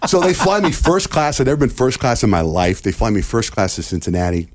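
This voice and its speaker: The recording carries a little hiss or hum as a middle-aged American radio host, voice on the low side, talks a bit fast with hardly any pauses. It's casual storytelling in a podcast interview, and he animatedly acts out the people in his long story and their quoted words.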